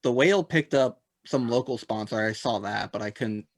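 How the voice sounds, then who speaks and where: A man's voice: mid-range voice, normal speed, no echo, studio quality. A man co-hosting a sports podcast, rambling in casual chat and laughing at his own jokes. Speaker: podcast co-host.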